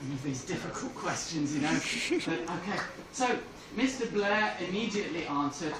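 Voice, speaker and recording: A man doing stand-up, telling a long joke and switching into quick voices for the characters in it. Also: a little high, animated. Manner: storytelling with put-on voices for characters. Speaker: stand-up comedian. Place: comedy club with audience. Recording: roomy, distant, noisy club recording.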